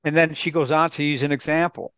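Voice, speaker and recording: A man's voice: fairly high pitch, level tone, quick pace, fairly bright tone, clear, resonant tone, no echo. Emphatic man lecturing on a radio show. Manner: emphatic, lecturing, lists points. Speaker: guest commentator. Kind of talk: radio talk show commentary.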